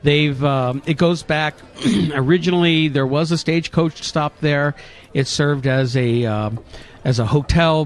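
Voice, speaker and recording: A man, a paranormal investigator and co-host, chatting casually on a radio show and telling stories with frequent fillers. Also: fairly high pitch. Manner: relaxed storytelling with frequent fillers.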